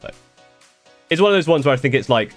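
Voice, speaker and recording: Fast-talking man rambling on stream. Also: fairly high pitch, animated, faint music behind. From United Kingdom. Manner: rambling with restarts and swearing, quick bursts. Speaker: streamer answering chat. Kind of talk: casual live-stream chat.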